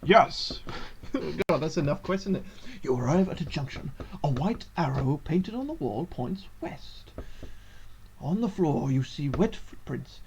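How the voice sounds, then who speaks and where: A man's voice: a little high, darkish tone, lo-fi sound, slight background noise. A man streaming a game, thinking aloud and reading its text in a narrator's tone. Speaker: gaming streamer.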